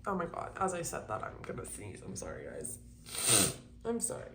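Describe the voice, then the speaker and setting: A woman's voice: lowish voice, wildly swooping pitch, moderate pace, vocal fry, slight background noise. A young woman doing a casual tarot reading at home, chatty and swearing freely, sniffling from allergies. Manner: chatty and swearing, talks to viewers. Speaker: tarot reader. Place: home, kept quiet for sleeping child.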